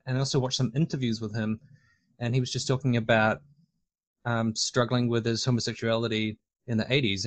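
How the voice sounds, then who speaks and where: A man talking casually on a discussion panel, rambling with lots of fillers and restarts. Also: medium pitch.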